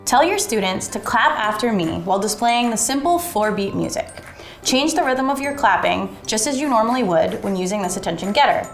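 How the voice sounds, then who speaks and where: A woman explaining a classroom music activity step by step, in a clear and methodical way. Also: fairly high pitch, animated, fairly quick, roomy sound. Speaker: teacher. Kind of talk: instructional lesson narration.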